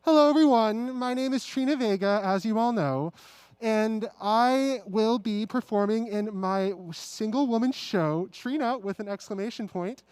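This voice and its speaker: A woman's voice: fairly high pitch, a little slow, darkish tone, smooth, no room sound. A woman performing a comic, self-important one-woman show with bursts of song. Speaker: pageant contestant.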